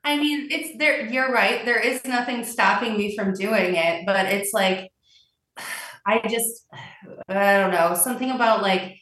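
A woman calling in to an advice podcast, talking in a halting, frustrated way with lots of fillers. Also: medium pitch, a bit bright, echoey room, far from the mic, rough recording. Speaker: caller. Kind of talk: casual phone-in chat.

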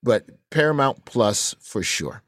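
A man's voice: mid-range voice, animated, slow, a bit bright, no echo, clean studio sound. A man, a comedian guest on a podcast, speaking emphatically in casual chat and swearing for emphasis.

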